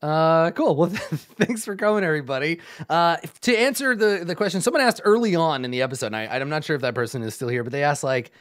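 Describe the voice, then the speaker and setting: A man narrating and hosting as dungeon master, telling the scene in a loose, animated way. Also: on the high side, fast talker, few pauses. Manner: animated, laughing, loose storyteller. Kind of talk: narrating a tabletop game.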